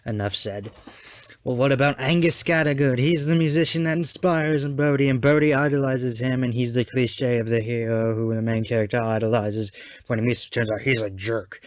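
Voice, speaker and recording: A man reviews an animated film with sarcastic, mocking asides. His voice sits at an ordinary pitch. The recording is dull and lo-fi, with a dry, close sound. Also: no echo. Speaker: movie reviewer. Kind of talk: comedic scripted review. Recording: dull lo-fi home mic.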